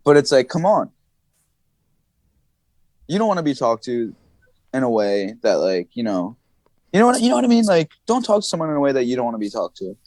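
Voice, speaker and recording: A man's voice: medium pitch, fairly quick, long pauses, no room sound. A man spinning casual stories as a podcast guest, his voice leaping up and down as he gets into it. He laughs and swears freely between lines. He is recorded close and dry, with no room sound behind him. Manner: animated, swings his voice up and down, laughs and swears often. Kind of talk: casual storytelling chat.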